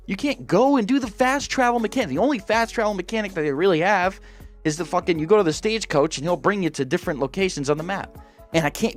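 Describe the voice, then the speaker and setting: A man hosting a gaming channel, ranting casually and profanely, exasperated and full of restarts. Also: high voice.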